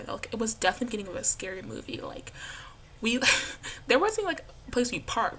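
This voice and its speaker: A woman's voice: mid-range voice, fairly bright tone, slight background noise. Giggly young college woman vlogging. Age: young adult. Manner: bubbly, giggly, lots of "like". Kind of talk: casual vlog chat.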